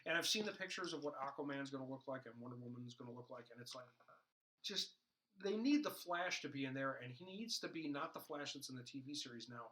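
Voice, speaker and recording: A man's voice: mid-range voice, animated, quick pace, sharp tone, poor audio. A man co-hosting a casual podcast chat, rambling along with jokes, fillers and restarts. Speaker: podcast co-host.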